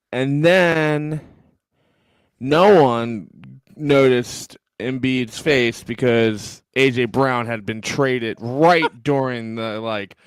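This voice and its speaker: A man's voice: mid-range voice, clean tone, dry recording, clean studio sound. A man co-hosting a sports podcast, joking around in a sleepy, casual way. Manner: jokey, sleepy, talks over co-host. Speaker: podcast co-host.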